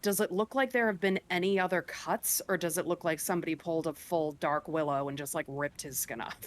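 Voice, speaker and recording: A woman at a tabletop game with a lowish voice, trailing off and restarting as she asks questions with a giggle. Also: brisk. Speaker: player. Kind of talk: casual tabletop game banter.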